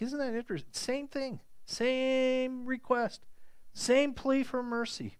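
A pastor preaching a sermon, emphatic and animated, repeating words for stress. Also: male voice, high voice, normal speed, no room sound.

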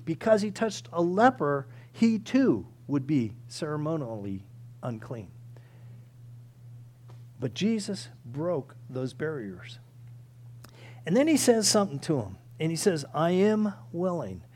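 High-pitched guy preaching a sermon, earnest, acts out the prayers. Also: mellow. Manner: earnest, emphatic, acts out quoted pleas.

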